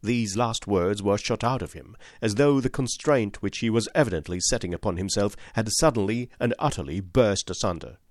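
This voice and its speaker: A man narrating a classic story in an expressive, dramatic reading style. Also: on the low side, moderate pace, hardly any pauses, dry recording, clean studio sound. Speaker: audiobook narrator.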